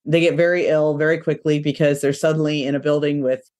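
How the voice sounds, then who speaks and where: A woman's voice: low voice, level tone, brisk, darkish tone. A woman hosting a podcast interview, enthusiastic and chatty, with a slightly nasal voice from allergies. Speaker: podcast host.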